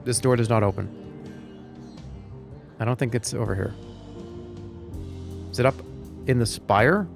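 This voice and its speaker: A man's voice: medium pitch, a little slow, creaky, pauses often, over music. A man streaming a video game, chatting loosely with his audience in a rambling, joking way. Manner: rambling, jokey, talks to chat. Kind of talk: live gaming commentary.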